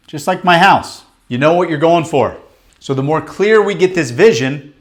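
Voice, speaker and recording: A business coach leads a live motivational workshop, speaking bluntly and emphatically in a medium-pitched voice. He swears casually and fires rapid questions at the room.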